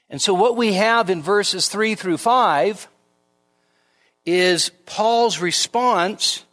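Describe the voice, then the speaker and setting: A man preaching a midweek church sermon, his voice bright and forward with a slightly raised pitch. He talks slowly and conversationally, full of fillers and asides. When he quotes scripture, his voice climbs noticeably higher and louder. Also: long reverb tail. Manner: conversational, with frequent fillers and rhetorical "right?" checks; rises sharply in pitch and volume when quoting scripture. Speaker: pastor. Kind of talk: expository sermon. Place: church sanctuary.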